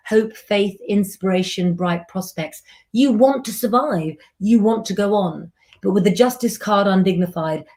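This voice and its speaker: A woman hosts a live tarot reading in a relaxed, chatty way. She speaks gently and affectionately, rambling with plenty of fillers, in an ordinary mid-range voice. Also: mid-range voice. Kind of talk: live streamed tarot reading, casual chat.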